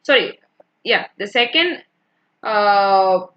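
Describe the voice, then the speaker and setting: A woman's voice: mid-range voice, lively intonation, takes it slowly, a bit bright, dull audio. Woman lecturer, patient and repetitive. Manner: explanatory, repeats key points, checks in with students. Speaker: English literature lecturer. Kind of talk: online lecture.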